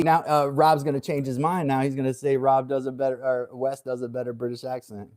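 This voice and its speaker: A man hosting a relaxed livestream with a mid-range voice. He talks loosely and jokes a lot, laughing often between his thoughts. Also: mid-range voice, fairly quick, hardly any pauses. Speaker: livestream host. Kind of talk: casual chat.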